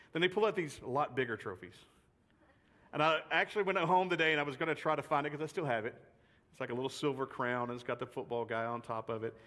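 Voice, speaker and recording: A man's voice: medium pitch, a bit bright. A man giving a chatty, joking youth sermon full of personal stories, repeating phrases for effect. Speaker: youth speaker. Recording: long reverb of a large hall.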